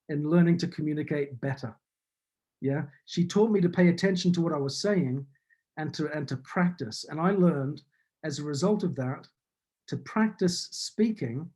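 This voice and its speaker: Over a video call, a business speaker with a New Zealand accent and a high, slightly mellow voice gives a motivational talk. He builds his points earnestly, repeating phrases.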